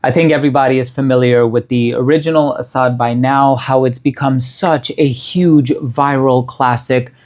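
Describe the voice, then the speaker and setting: A man talks through a fragrance review in a casual, unhurried way. He lists the scent notes one by one and sounds appreciative. His voice sits at an ordinary middle pitch for a man. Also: fairly even intonation, a little mellow. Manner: descriptive, listing scent notes in a measured, appreciative way.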